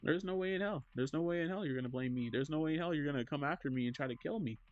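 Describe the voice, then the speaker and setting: A man streaming casually, reading chat aloud and answering in an animated, joking way. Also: fairly high pitch, very fast, no room sound, dull audio.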